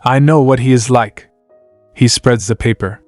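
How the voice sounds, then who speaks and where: A man's voice: mid-range voice, normal speed, a little mellow, no echo, faint music behind. Man narrating a comic recap. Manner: reads every character's lines himself, with sound words.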